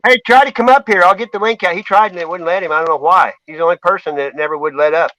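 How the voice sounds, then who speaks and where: A man's voice: high-pitched, rapid-fire, bright, forceful tone, a little hiss or hum, low-quality recording. A man, hosting a casual livestream and trading crude, loose banter. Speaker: livestream host.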